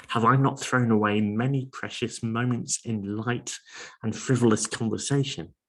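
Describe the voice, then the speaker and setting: A man preaching a sermon in an earnest, measured way, asking his listeners question after question. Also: lowish voice.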